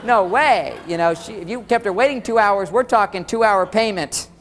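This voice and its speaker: A man giving a live relationship seminar, animated and talking straight to his audience, often acting out quoted dialogue. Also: high-pitched, moderate pace, in a large hall, a little hiss or hum.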